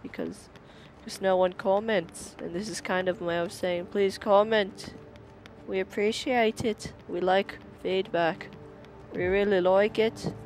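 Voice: mid-range voice, steady tone, unhurried, faint music behind. A gameplay commentator giving casual let's-play commentary in a playful, silly, jumpy way.

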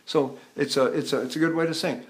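A man's voice: on the high side, steady tone, fairly quick. An older man from the United States giving a vocal lesson, talking in a rambling way and breaking into sung demonstrations. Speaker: voice teacher.

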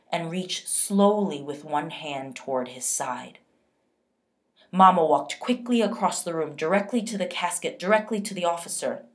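A woman teacher narrating a novel for her young class. She reads slowly and expressively in a somewhat low voice. She stops now and then to pose questions to her readers. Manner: slow, expressive read-aloud with pauses to question readers. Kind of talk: reading a novel aloud to children.

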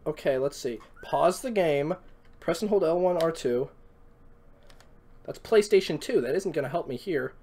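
A woman's voice: deep voice, moderate pace. A woman chatting casually on a live game stream, cooing and fretting over her cat while she plays. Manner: animated, coos and frets over a cat.

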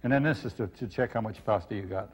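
A man hosting a comic cooking show as the chef, fussing over the dish and repeating "all right" in a gruff way. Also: on the low side, fast. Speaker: TV chef host. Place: television studio kitchen. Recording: noisy studio with crowd.

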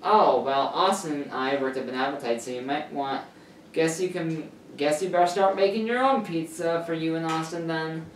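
A woman's voice: a bass voice, normal speed, recorded from a distance. A woman voicing a sassy teasing mom. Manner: sharp, sassy retorts. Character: teasing sassy middle-aged mother. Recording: echoey room, off-mic, faint hiss.

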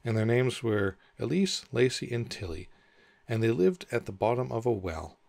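A man voicing a sleepy little male dormouse in an audiobook, with a hoarse, feeble voice. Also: mid-range voice, very animated, moderate pace, darkish tone, voice pushed up. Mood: drowsy.

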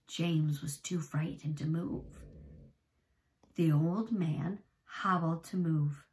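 A young adult woman teacher reads a chapter book aloud to her pupils in an expressive storytelling voice, then chats with them and asks questions. Her voice is on the low side.

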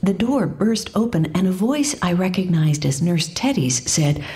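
A woman narrating a first-person story in a hushed, expressive reading. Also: fairly low pitch, moderate pace, hardly any pauses. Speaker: audiobook narrator.

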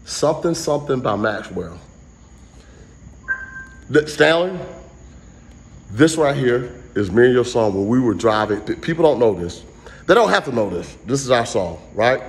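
A man's voice: medium pitch, creaky, a little hiss or hum. A man doing a casual live-stream comedy rant, rambling and jumping between jokes and asides.

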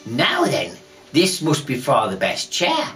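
A woman voicing a bold, curious little girl who chats away to herself, heard from a distance over soft music. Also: a bass voice, wildly swooping pitch, unhurried, exaggerated voice.

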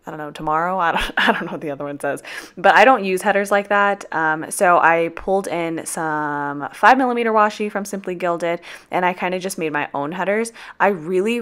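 A woman's voice: fairly low pitch, a bit bright, smooth. A woman, groggy from just waking up, chatting casually in a vlog voiceover and swearing now and then. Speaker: planner vlogger.

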